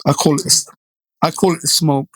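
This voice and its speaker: Animated storyteller, a middle-aged man from Jamaica. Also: on the high side, fairly quick, dry recording. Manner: animated storyteller, frequent "you know" and "right?" tags. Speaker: guest DJ. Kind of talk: casual storytelling interview.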